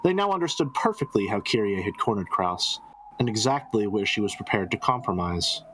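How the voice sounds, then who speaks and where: Animated man narrating a read-along. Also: lowish voice, fairly quick, slight background noise, poor audio. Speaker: streamer. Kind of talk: casual read-along and commentary. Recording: music playing behind.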